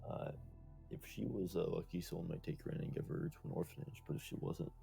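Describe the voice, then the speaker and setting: Deep gravelly man reading a game aloud. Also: steady tone, dark tone, faint music behind. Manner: laid-back, halting with many "uh"s. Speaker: streamer reading a visual novel aloud. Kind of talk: casual chat and reading aloud.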